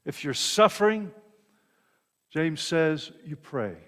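This pastor's voice is fairly high and bright, animated but slow. He preaches in a conversational style, checking in with his congregation often and repeating words as he goes, while the hall adds a long reverb.

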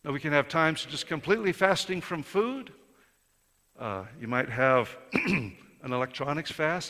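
A man preaching a sermon in a conversational way, rising to emphatic peaks and then dropping soft. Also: medium pitch, lively intonation, normal speed. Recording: reverberant hall.

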